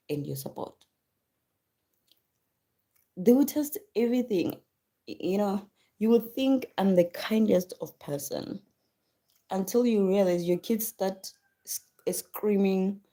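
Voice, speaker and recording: A woman's voice: mid-range voice, slow pace, pauses often, dark tone. A woman chatting casually on a live stream about being a mother. She repeats words for emphasis and thanks viewers by name. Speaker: livestream host and mother.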